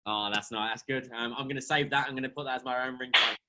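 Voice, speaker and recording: Bright-voiced British man hosting. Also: medium pitch, steady tone, quick pace. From Britain. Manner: eager, chatty, with stammered restarts. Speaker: podcast host, sales coach. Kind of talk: casual conversational interview.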